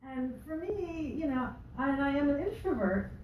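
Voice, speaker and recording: A woman's voice: high voice, animated, normal speed, darkish tone, slight background noise. A woman coach giving a motivational talk to a live audience, chatty and rambling, with many restarts and asides. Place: library event room. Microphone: room recording from a distance. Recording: echoey room, voice far from mic.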